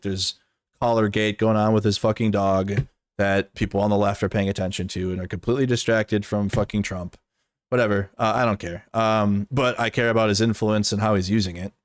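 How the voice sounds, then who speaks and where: A man gives off-the-cuff commentary in a low voice. He is blunt and profane, and he rambles with plenty of "like" fillers. The sound is close and dry. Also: dry recording. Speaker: streamer and political commentator. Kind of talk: casual commentary stream.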